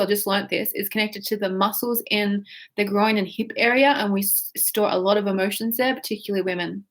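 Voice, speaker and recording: A woman leading a guided tapping and breathing exercise, giving instructions and speaking emotional phrases for listeners to repeat. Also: medium pitch. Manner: slow, guiding, with yawns and whiny repeated phrases. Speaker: tapping practitioner.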